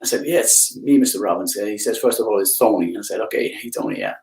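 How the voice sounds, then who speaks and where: Over a video call with poor audio and a roomy sound, a man from Belgium is a guest speaker in a live interview. He speaks quickly in a darkish tone, telling stories enthusiastically and pushing his pitch upward in swooping emphasis.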